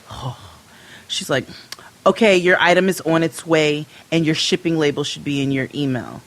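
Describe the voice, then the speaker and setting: A woman co-hosting a podcast, telling a story in a casual, profane and animated way and acting out both sides of it. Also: extremely low pitch, normal speed. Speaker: podcast co-host.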